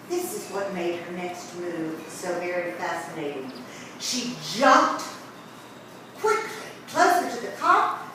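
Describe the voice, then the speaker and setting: A middle-aged woman tells a personal story with dry, wry humor, in a slightly high voice that rises and falls a lot. She takes her time. The voice comes from a distance in an echoing room with steady noise behind.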